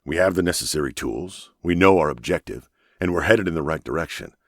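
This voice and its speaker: Man doing a steady commanding captain, firm radio calls, really deep. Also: fairly quick, no room sound, studio quality, exaggerated voice. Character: calm, steady male expedition captain. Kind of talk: audiobook character voice.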